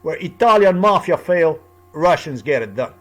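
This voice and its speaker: A man's voice: on the high side, lively intonation, normal speed. A man talking alone in a rambling, repetitive monologue with loose, off-the-cuff phrasing. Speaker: commentator.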